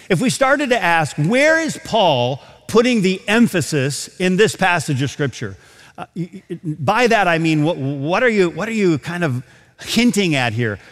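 A pastor preaching a sermon to a large auditorium, reading scripture with slow, emphatic stress and quick asides. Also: male voice, a little high, long reverb tail. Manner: expressive preaching with dramatic slowdowns and emphatic scripture quotes.

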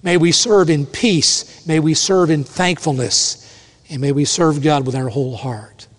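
A man preaching a sermon in a slow, measured cadence. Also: a little high, in a large hall.

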